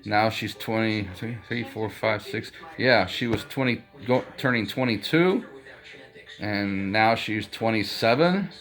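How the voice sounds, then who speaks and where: A man's voice: lowish voice, slow, a bit bright, faint music behind. A man in his fifties chatting casually to his channel, rambling with lots of fillers and restarts. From United States. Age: 50s. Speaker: vlogger. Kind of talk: casual chat.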